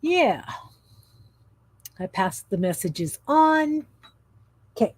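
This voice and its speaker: Slow-talking, rambling woman in her fifties. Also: fairly high pitch, sing-song. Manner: rambling, chatty, easily sidetracked. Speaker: craft livestream host. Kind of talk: casual chat while crafting.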